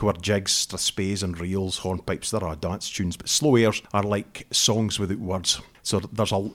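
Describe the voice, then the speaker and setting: Middle aged scottish guy, lowish voice, rambly storytelling in an interview. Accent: northeast Scottish. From northeast Scotland. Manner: chatty, storytelling, often restarts phrases. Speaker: interviewed fiddler. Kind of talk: relaxed interview chat.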